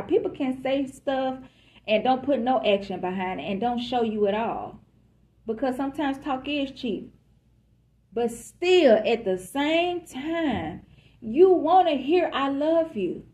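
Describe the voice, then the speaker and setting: A woman's voice: a little high, a little mellow. A woman giving a casual collective love reading, chatty and emphatic, who calls her listeners y'all and baby. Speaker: tarot reader.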